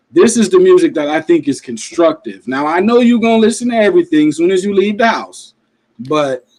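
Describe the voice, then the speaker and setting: Co-host guy with a high bouncy voice, chill hip hop chat, keeps agreeing. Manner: animated, agreeable, backchannels a lot. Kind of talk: casual hip hop talk show.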